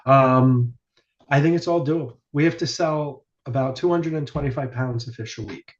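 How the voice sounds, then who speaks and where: Rambling, excitable man on a podcast. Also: mid-range voice, normal speed. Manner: rambling storyteller, swears casually, many fillers. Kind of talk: casual chat. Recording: dull lo-fi sound.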